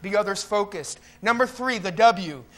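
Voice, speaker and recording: High-voiced pastor preaching. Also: male voice, animated, normal speed. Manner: conversational preaching, mocking voices of complainers. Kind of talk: sermon. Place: church sanctuary.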